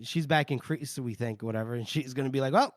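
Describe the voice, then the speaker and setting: A man's voice: medium pitch, fast, no echo, studio quality. A man co-hosting a casual book-discussion podcast, retelling chapters with put-on character voices and plenty of swearing. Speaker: podcast co-host.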